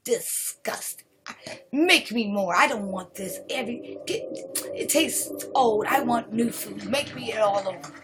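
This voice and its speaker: An arrogant rich businessman snaps out his orders, as a woman puts him on. The voice sits higher than her usual talk and gets loud and impatient. A steady hiss of background noise hangs under the recording. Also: unhurried. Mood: demanding. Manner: bossy, impatient, rising to loud demands. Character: rude rich male businessman, arrogant and demanding.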